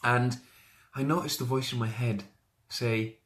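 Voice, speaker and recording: A man's voice: mid-range voice, steady tone, unhurried, a bit bright. A man, talking energetically in a live video as a motivational coach and greeting viewers by name. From Wales. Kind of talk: live social media video.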